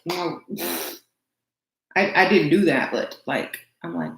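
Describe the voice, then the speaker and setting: With a fairly low, fairly bright voice and lively intonation, a woman beauty vlogger livestreams while getting ready, speaking slowly and pausing often. She laughs and responds to her chat's comments, against a roomy echo and faint noise.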